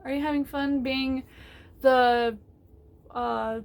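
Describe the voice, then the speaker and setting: High-voiced woman giving rambling advice. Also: steady tone, slow, creaky. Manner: rambling, many fillers and restarts, laughs often. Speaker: tabletop game player giving advice. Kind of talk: casual advice vlog.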